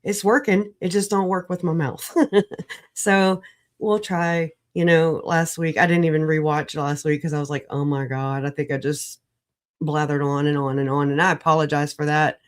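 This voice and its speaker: A woman on a livestream video call, recovering from an illness, talking in an animated, rambling way, laughing often and swearing. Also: low voice, normal speed. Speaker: livestream guest. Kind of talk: casual livestream chat.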